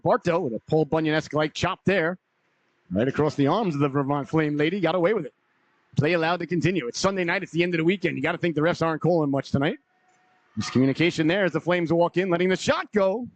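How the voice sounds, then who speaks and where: Hockey play-by-play guy, bit hoarse, higher voice, rattles off names with folksy asides, muffled lo-fi audio. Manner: brisk name-by-name calls with folksy asides. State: slightly hoarse. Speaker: play-by-play announcer. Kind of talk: live hockey commentary.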